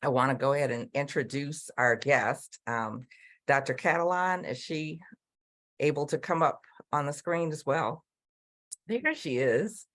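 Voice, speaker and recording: A middle-aged woman moderating an online panel over a video call, upbeat and chatty with frequent ums, her voice going hoarse. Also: sits low, expressive, measured pace, a bit bright. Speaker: panel moderator and business coach.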